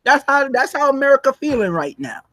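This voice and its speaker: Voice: high voice, very animated, brisk, fairly bright tone, no room sound. A co-host in a casual commentary chat who laughs often, talks emphatically and preaches to the audience.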